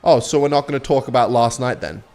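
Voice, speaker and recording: A man's voice: medium pitch, fast talker, darkish tone, close to an everyday voice. A man voicing a pushy, jealous young ex-boyfriend who taunts and presses with repeated questions. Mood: needling.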